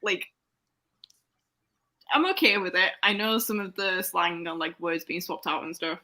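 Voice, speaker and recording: Lower-voiced, bright rambling woman. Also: a little slow. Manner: rambling, lots of "like". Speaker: guest. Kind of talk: casual chat.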